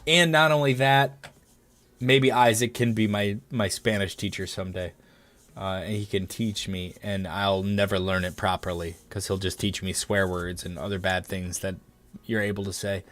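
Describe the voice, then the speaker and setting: A man's voice: steady tone, normal speed, fairly bright tone. A young man chatting casually on a live stream, joking around and slipping into silly voices. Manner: joking, goofy, breaks into silly high voices.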